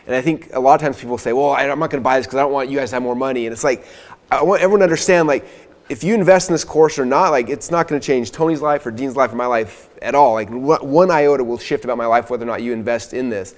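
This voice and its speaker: A man's voice: mid-range voice, quick pace. A man presenting a course on a live webinar, talking earnestly and persuasively with a lot of "like" fillers.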